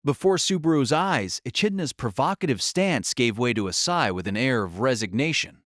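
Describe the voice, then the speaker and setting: A man narrates an audiobook in an expressive, dramatic storytelling style. His mid-range voice moves at normal speed, captured in a dry, studio-quality recording.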